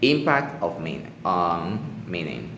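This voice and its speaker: Slow, deep-voiced male English teacher. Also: big pitch swings. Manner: deliberate, pausing, with fillers and restarts. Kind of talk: slow instructional explanation. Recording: echoey room with faint ambient noise.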